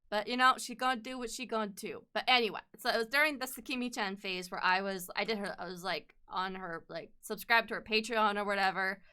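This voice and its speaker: A woman's voice: medium pitch, fairly quick, hardly any pauses, sharp tone, clean tone. A young woman streaming while she draws, rambling in casual chat, swearing freely and laughing often.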